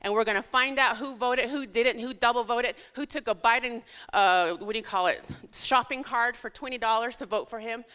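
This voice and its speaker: A woman's voice: on the high side, moderate pace, few pauses, pushed and bright, clean tone. A woman giving an urgent, pleading campaign speech in a church hall. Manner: urgent, pleading, grows tearful. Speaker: political candidate. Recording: echoey hall with long reverb.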